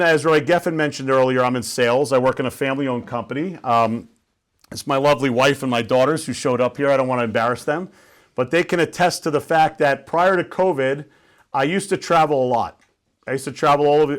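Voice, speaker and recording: A man giving a conversational talk to an audience, telling a story and asking listeners questions. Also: medium pitch. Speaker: guest speaker.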